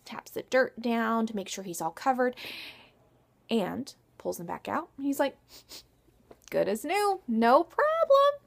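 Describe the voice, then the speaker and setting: Animated, gravelly storytime woman. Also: medium pitch. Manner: animated, asks the young listeners questions. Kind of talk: children's storytime.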